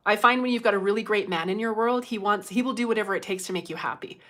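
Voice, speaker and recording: A woman's voice: medium pitch, fast talker, fairly bright tone. A middle-aged woman chatting casually on a livestream, laughing often and reading out viewer comments. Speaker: livestream host.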